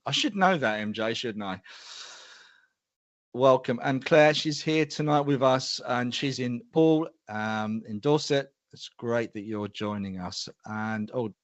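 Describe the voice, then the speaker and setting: A man's voice: medium pitch, a little slow, no echo. A middle-aged man hosting a live show, chatty and self-deprecating as he greets viewers by name. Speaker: host.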